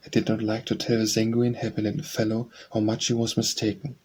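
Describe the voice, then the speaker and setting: A man narrating an audiobook memoir in a measured, even reading. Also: fairly low pitch, a little hiss or hum. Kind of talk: scripted narration.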